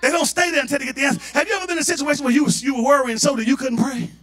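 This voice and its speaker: A man preaching a fervent Pentecostal sermon, rising into shouted, impassioned delivery. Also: extremely high pitch, fairly even intonation, rapid-fire. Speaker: pastor. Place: church sanctuary.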